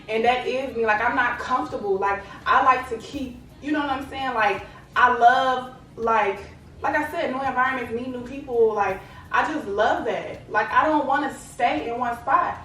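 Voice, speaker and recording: A woman's voice: high voice, normal speed, a bit bright. Chatty woman in an echoey room. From Lubbock, Texas. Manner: chatty, fills with "like" and "you know what I'm saying". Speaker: vlogger. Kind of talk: casual talk to camera. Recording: echoey room, distant mic, faint ambience.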